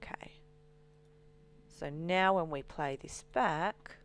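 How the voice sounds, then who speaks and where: A woman walking through a software demonstration as a trainer, explaining steadily with frequent ums. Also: low voice, slow pace.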